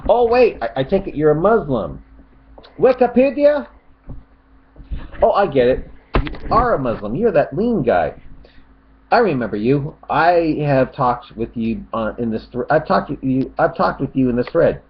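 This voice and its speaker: A sarcastic man rambles through online comments in casual commentary and mocks them as he goes. His pitch swings widely. The recording is a little dull and lo-fi. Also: big pitch swings, normal speed.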